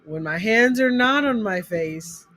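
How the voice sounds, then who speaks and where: A language teacher in a relaxed chat, describing classroom struggles with frequent pauses and laughter. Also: medium pitch, dry recording. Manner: unhurried, trails off with fillers, laughs at own stories. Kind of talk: casual conversation about teaching.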